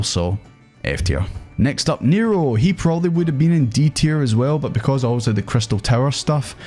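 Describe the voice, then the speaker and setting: Low-voiced, chatty young man. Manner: chatty, sweary, animated. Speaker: gaming video host. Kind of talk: casual tier-list commentary.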